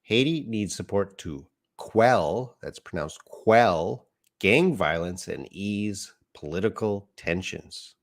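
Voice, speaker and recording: Man, English teacher, deep voice, unhurried, patient explanations. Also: animated. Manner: slow, patient explaining of words, reading viewer comments aloud. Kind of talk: live online English lesson.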